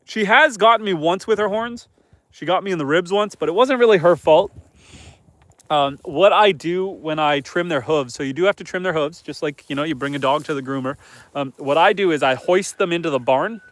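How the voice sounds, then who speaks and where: A man's voice: fairly high pitch, fairly quick, no echo. A man hosting a casual live stream outdoors on his homestead, chatting loosely with viewers and reading their comments aloud. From Northern Canada. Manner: relaxed, rambling, reads viewer comments aloud. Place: outdoors on a homestead farm among animals.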